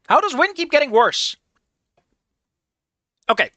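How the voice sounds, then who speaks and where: A streamer giving animated, swear-filled commentary while playing through a story game. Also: mid-range voice, brisk, no room sound, dull audio. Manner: animated, swearing, laughing often.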